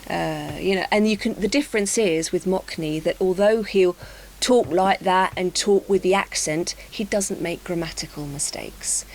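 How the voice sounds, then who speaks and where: Woman, casual talk, slightly low voice, faint hiss. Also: moderate pace, few pauses, a little mellow, rough recording. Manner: chatty, laughs easily. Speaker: co-host. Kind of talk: casual discussion.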